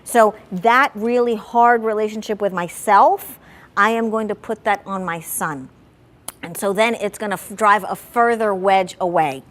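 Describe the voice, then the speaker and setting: A woman family therapist talking candidly about parenting, animated and full of "like", acting out her own past anger. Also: medium pitch, unhurried.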